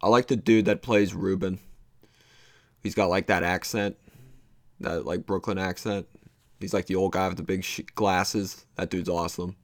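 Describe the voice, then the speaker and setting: A man's voice: deep voice, steady tone, moderate pace, pauses often, dry recording. A young man hosting his own podcast, rambling casually with many fillers and loose, meandering thoughts. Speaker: podcast host.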